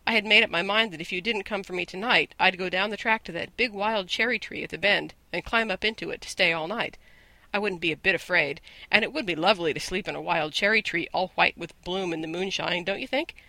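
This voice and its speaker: Play it as a man voicing an eager imaginative orphan girl, high and breathless, dry close read. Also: brisk, creaky, bright, forceful tone, no echo, heavily acted, rough recording. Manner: breathless eager run-on chatter. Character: chatty imaginative eleven-year-old orphan girl. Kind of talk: audiobook character voice.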